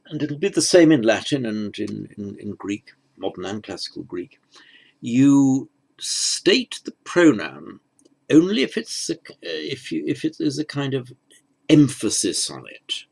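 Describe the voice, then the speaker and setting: A man teaching a recorded grammar lesson in a measured, explanatory way, often restarting his phrases. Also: medium pitch, sing-song, gravelly, a little mellow. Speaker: language teacher.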